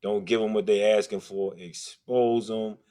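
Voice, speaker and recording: A man with a very deep voice, calling in to the show. He talks earnestly and rambles, starting his sentences over. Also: fairly even intonation, a little slow, warm tone.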